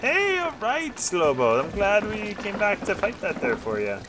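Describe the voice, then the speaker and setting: High, lively man giving playful pirate orders. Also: normal speed, noisy background. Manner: laughing often, playful pirate talk. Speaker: streamer and ship captain. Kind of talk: casual gameplay commentary. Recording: loud game sounds behind.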